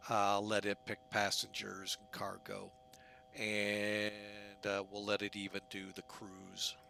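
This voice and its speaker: Slow-talking man, bright voice. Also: on the low side, monotone, creaky, a little hiss or hum. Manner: chatty, jokey, self-mocking. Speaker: flight simulator streamer. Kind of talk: casual gameplay commentary.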